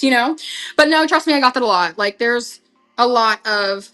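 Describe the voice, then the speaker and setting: Young woman live-seller, chatty and gushing, a little high-pitched, casual stream host. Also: animated, moderate pace, pushed and bright, soft background music, low-quality recording. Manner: chatty, gushing, talks straight to viewers. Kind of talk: casual live-selling chat.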